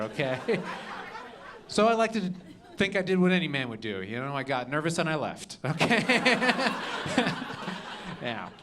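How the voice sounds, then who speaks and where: A man's voice: on the high side, background noise. A young man doing stand-up on a comedy club stage, punchy, with "okay?" after each joke. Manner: punchy, adds "okay?" and "all right?" after jokes.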